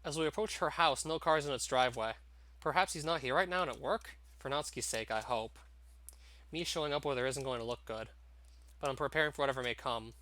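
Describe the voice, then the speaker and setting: A man's voice: mid-range voice, fast, bright, forceful tone. A man reading a visual novel aloud in a dramatic first-person narration. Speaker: game narrator, YouTuber.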